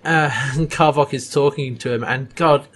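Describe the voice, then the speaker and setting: A man's voice: medium pitch, normal speed, fairly bright tone, husky. A man in casual chat recapping a TV episode, laughing often and acting out the characters' lines.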